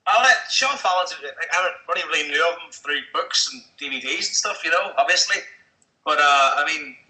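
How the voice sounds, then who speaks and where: A man's voice: a little high, animated, moderate pace, bright, forceful tone. A man in a casual podcast chat, talking hesitantly with many fillers. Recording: roomy echo.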